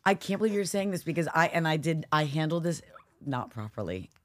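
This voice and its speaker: Lower-voiced woman telling animated stories. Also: a little fast. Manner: animated storytelling, acts out voices in quotes. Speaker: podcast co-host. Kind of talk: casual chat.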